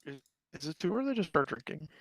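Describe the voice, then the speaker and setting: A man with a bright, tense voice makes dry, offhand remarks in a casual gaming chat. His voice sounds close and completely dry, with no room around it. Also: mid-range voice, brisk, dry recording. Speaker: player in a gaming group.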